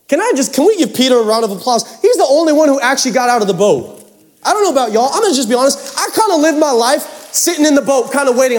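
A man's voice: very high voice, big pitch swings, quick pace. A man preaching a sermon, casual and joking as he talks straight to the congregation. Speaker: pastor.

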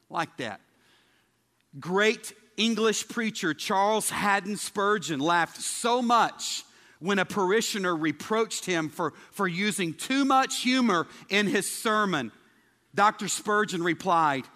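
A man preaches a lighthearted sermon to his congregation. His voice sits high and sounds bright and forceful, and he keeps tossing questions out to the crowd. A long reverb from the church hall trails after his words. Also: animated, slow. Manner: chatty, asks the congregation questions. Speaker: pastor. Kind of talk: humorous sermon. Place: church sanctuary.

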